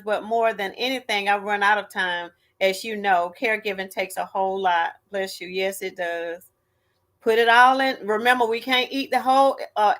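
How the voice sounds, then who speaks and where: A woman's voice: mid-range voice, fairly bright tone. A woman hosting a casual live stream, chatty and greeting viewers by name.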